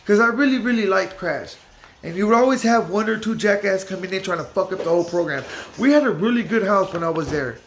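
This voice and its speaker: Loud young man, gravelly street slang. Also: sits high. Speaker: vlogger telling his story. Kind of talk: casual storytelling.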